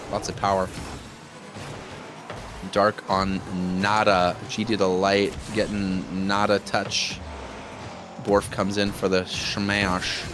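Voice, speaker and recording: A man casting a live esports match as play-by-play commentator, jokey and excitable with loud bursts of enthusiasm. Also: fairly low pitch, background noise. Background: music.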